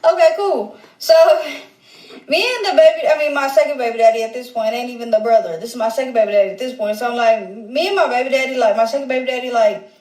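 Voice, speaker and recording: A woman's voice: on the high side, fast talker, a little mellow. A woman casually telling a personal story in a slangy, rambling way, full of fillers and self-corrections. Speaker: storyteller in a clip. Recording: roomy echo.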